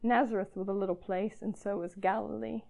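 A woman's voice: mid-range voice, steady tone, a little fast, creaky, darkish tone. A woman in her fifties giving an earnest, encouraging devotional talk to young women. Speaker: speaker at a girls' gathering.

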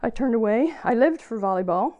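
A woman's voice: on the high side, expressive, fairly quick, warm tone, dull audio. A woman in her fifties giving an earnest, encouraging devotional talk to young women. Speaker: speaker at a girls' gathering.

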